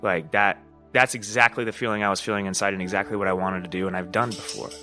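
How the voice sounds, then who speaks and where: A man's voice: on the low side, steady tone, fast talker, sharp tone, soft background music. A man hosting a podcast, talking casually in a rambling monologue, swearing, laughing and often asking "you know what I mean?". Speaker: podcast host.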